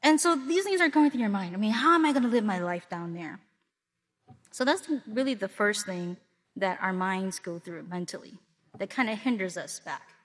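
A woman from Milwaukee giving a sermon to a congregation, telling stories in a lively way and acting out what people say. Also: medium pitch, moderate pace, slightly rough. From Milwaukee, Wisconsin. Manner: lively storytelling with acted-out asides. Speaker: congregation speaker.

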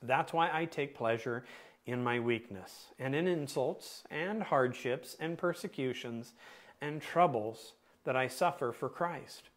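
Male pastor, unhurried sermon delivery, medium voice, rhetorical questions, weighted pauses. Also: medium pitch. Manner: asks the congregation questions, deliberate emphatic pauses.

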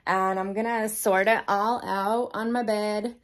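A woman in her forties, a mother of a large family, chatting casually and upbeat in a shopping vlog, listing items out loud. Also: mid-range voice, fairly even intonation, a little slow. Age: 40s.

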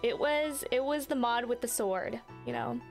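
A woman streaming a video game, chatting casually and telling stories in an animated way, with plenty of fillers and casual swearing. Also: a little high, normal speed, gravelly, faint music behind. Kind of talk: casual chat while playing a game live.

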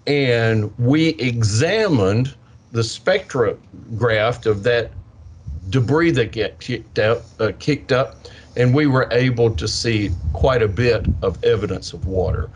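An older man, a science educator, answering interview questions with lively storytelling and acted-out kids' voices. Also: medium pitch, slow, slight background noise. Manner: animated, acts out kids' voices. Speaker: science educator with a portable planetarium.

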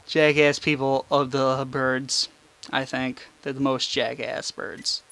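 Here the same young gaming channel host slows down, his mid-range voice level yet bright and forceful. Recorded at home on a face cam desk mic, he rambles and swears through gameplay while teasing himself.

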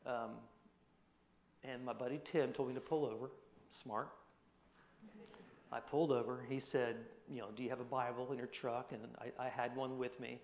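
A man preaching a personal testimony sermon in an earnest voice, dropping to a hushed tone at heavy moments. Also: medium pitch, little pitch movement, normal speed, long pauses, slight background noise. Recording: echoey hall.

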